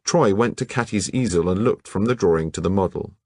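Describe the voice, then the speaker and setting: A man narrating a novel as an audiobook in measured, even storytelling. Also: deep voice, no echo, clean studio sound.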